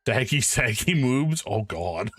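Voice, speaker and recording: A man streaming live, chatting casually while he draws, rambling and self-mocking with sudden loud exclamations. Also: mid-range voice, sing-song, slow, dry recording, faint music behind.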